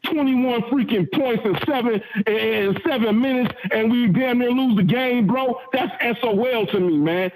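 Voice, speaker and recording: A man's voice: extremely high pitch, unhurried, few pauses, slight background noise, rough recording. A man calling into a fan show over the phone, speaking emotionally in a rambling, repetitive way. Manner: emotional, rambling, repeats himself. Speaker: caller. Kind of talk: fan call-in rant. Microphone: phone call.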